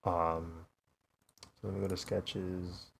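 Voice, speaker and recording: A young man from the US chatting casually while drawing on a live stream, laid-back and quick to laugh. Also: sits low, level tone, vocal fry, background noise. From United States. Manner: laid-back, laughs often, says "bro". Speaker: streaming artist.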